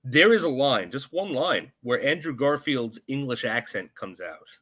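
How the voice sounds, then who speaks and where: A man's voice: medium pitch, sing-song, a little slow, fairly bright tone. A man co-hosting a podcast, ranting sarcastically and swearing while reviewing a movie. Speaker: podcast co-host. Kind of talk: casual movie review chat.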